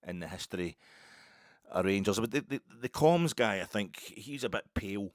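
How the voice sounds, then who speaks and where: A Scottish man with a low voice holds forth alone on his football podcast. He sounds sardonic and mocking and swears freely. He sits close to the mic, and the sound is dry and tight with no room around it. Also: lively intonation, moderate pace, no room sound. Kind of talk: solo commentary monologue. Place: home recording set with a backdrop, indoors. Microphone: close to camera, face fills the frame.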